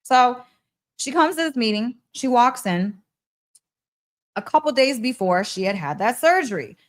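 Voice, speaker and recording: Excitable woman podcast host, laughing often. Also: fairly high pitch, unhurried. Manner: excitable, emphatic, laughs often, repeats phrases. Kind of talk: animated storytelling monologue.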